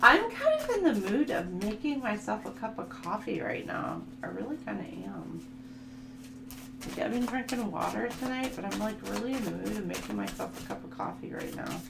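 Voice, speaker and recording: A woman talks through an oracle card reading in a relaxed, chatty way, reading card text aloud and often breaking into laughter. Her voice has a gravelly, creaky texture. The room is echoey, with a steady hum underneath. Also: medium pitch. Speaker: tarot reader.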